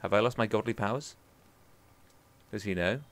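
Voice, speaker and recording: This gaming YouTuber, a young man, has a voice on the low side and speaks at a moderate pace. He talks to himself as he plays a video game, chatting and cracking jokes in his commentary.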